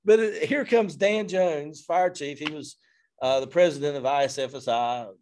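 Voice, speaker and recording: A man, a fire service instructor telling a story in an interview in an animated, self-deprecating way. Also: a little high, normal speed, a little hiss or hum.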